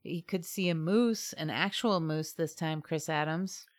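A woman's voice: low voice, unhurried. A woman from Southeast Alaska, co-hosting a casual chat podcast, talking chattily and laughing often. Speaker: podcast co-host.

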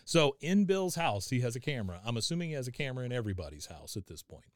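A man co-hosting a podcast, walking through an episode with lively, laughing delivery. His voice is smooth and clear. The recording is dry and close. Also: mid-range voice, quick pace, dry recording. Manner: animated, laughs, acts out lines. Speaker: podcast co-host recapping an episode. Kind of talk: casual chat.

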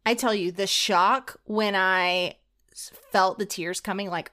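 A woman co-hosting a podcast, telling a story in an animated, laughing, breathless way. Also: medium pitch, moderate pace. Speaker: podcast co-host. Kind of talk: casual chat, telling a story.

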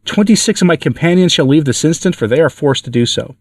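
A man's voice: on the high side, expressive, fast talker, no echo, distant mic, pitched above the performer's own voice. Howling defiant male demon, read aloud by a man, taunting; dry room, mic set back. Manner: shrieking, taunting.

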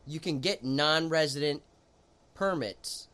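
A man's voice: fairly high pitch, slow pace, fairly bright tone, smooth. A man co-hosting a podcast, reading off facts in a plain, matter-of-fact way. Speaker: podcast co-host. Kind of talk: casual chat.

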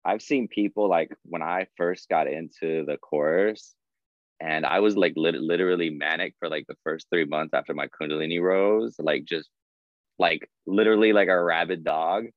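Man, very low voice, casual podcast guest, animated, muffled dry recording. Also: moderate pace, dry recording. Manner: animated, laughing, acts out quoted voices.

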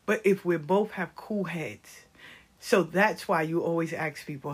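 Husky older woman, passionate storyteller. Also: fairly low pitch, measured pace. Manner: animated, passionate, often drops to a whisper. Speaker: speaker giving life advice. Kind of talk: casual storytelling monologue.

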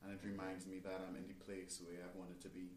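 A male musician guest talks reflectively about his craft. His voice sits low. The echoey room carries a faint background hum. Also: completely flat delivery, fast, a little mellow. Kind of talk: casual chat.

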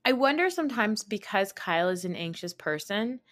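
This is a woman co-hosting a casual podcast, chatting about reality TV in a gossipy, blunt way. She swears freely and gets animated as she goes, with a voice of middling pitch. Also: fairly quick. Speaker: podcast co-host. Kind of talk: casual reality TV recap chat.

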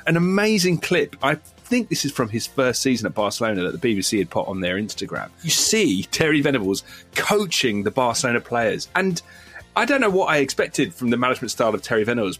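A man co-hosting a podcast in casual chat, telling anecdotes in an animated way and laughing as he goes. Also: medium pitch.

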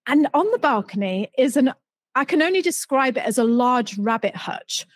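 A middle-aged British woman telling an animated story with lots of laughter, acting out other people's voices. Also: high voice, normal speed, dry recording. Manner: animated, laughs often, acts out voices in quotes. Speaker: guest storyteller. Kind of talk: casual anecdote telling.

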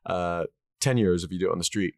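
A man co-hosting a podcast in casual chat, jokey and quick to interrupt himself. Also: deep voice, gravelly, no echo, clean studio sound. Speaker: podcast co-host.

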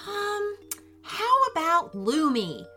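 A bright, high little girl's voice full of wonder, her words tumbling out breathless and wide-eyed, as a woman reads her in a storybook. The pitch jumps around with lively swings. Soft music plays faintly underneath. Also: takes it slowly, heavily acted. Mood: curious. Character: young girl, curious and excitable. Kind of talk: storybook character voice.

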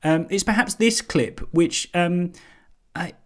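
Halting podcast host, fairly high voice. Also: male voice. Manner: halting, many restarts. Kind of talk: casual chat.

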